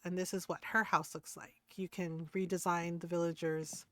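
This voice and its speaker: A woman's voice: fairly low pitch, little pitch movement, moderate pace, a bit bright, no room sound. A young woman streamer chatting casually and rambling a little as she shows off her game.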